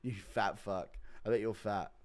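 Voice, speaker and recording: A man's voice: on the low side, steady tone, normal speed. A young man hosting a live stream, reading donations and joking crudely between laughs. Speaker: streamer host.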